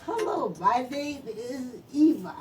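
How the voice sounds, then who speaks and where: A woman host whose speech is slow and halting after a stroke, often repeating words as she works through a question. Her voice sits fairly high and she talks at an unhurried crawl. She is heard from a distance, with a low rumble of noise underneath. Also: expressive, over music. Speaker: podcast host and interviewer. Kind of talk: interview. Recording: distant mic with background noise.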